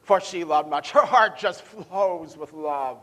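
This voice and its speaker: A male pastor delivers a sermon in a church sanctuary. His voice sits high for a man, and he leans hard on key words before dropping to a near-hush. He often repeats a word as he builds toward his point. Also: slow, long reverb tail. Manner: emphatic, swings between loud and hushed.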